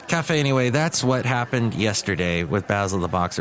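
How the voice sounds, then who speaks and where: A man's voice: fairly low pitch, animated, brisk, hardly any pauses. A man hosting his own daily podcast, talking casually in a chatty, digressive way. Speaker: podcast host and radio DJ. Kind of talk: casual solo podcast monologue.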